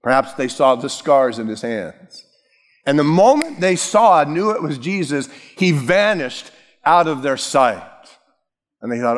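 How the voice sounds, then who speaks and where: A man's voice: a little high, a little slow. Man preaching in a reverberant hall. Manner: storytelling, acting out biblical characters with lively voices; casual, humorous. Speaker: pastor. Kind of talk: sermon.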